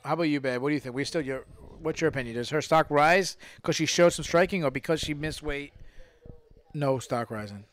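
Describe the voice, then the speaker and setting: A man's voice: a little high, fairly quick. A man hosting a casual fight-night podcast, rambling and restarting his phrases as he chats into a studio mic. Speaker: podcast host. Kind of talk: casual MMA commentary chat. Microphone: studio microphone.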